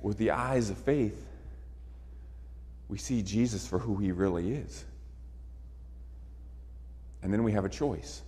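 A man's voice: lowish voice, slow pace, pauses often, dark tone. A man preaching a sermon emphatically, repeating phrases for effect. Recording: long reverb of a large hall.

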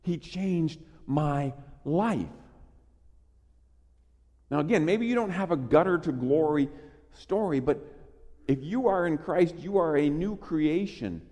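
A man preaching with a fairly high voice, emphatic and animated, often stumbling over his first words before pushing on. His sermon rings out with a long reverb from a large church hall. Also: slow pace, pauses often. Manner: emphatic, animated, with frequent restarts. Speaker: pastor.

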